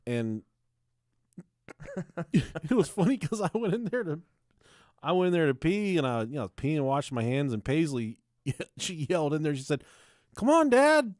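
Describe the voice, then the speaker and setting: Podcast co-host, animated male storyteller, lively pitch, dry close sound. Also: normal speed, long pauses, dry recording. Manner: animated storyteller, shrieks high in acted quotes. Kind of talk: crude casual comedy chat.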